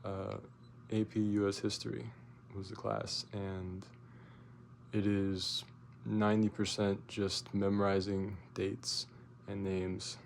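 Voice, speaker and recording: Young man rambling, profane and gravelly. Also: on the low side, slow pace, slight background noise. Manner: rambling, profane, many fillers and restarts; gets loud and animated when retelling his outburst. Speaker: vlogger. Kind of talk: casual storytelling rant.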